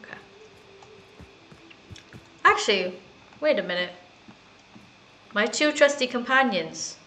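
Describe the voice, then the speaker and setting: A woman's voice: on the high side, expressive, slow, sharp tone, a little hiss or hum, rough recording. A woman chatting casually and giggling as she plays a video game. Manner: chatty, giggly, self-mocking. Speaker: gaming streamer. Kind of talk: casual gameplay commentary.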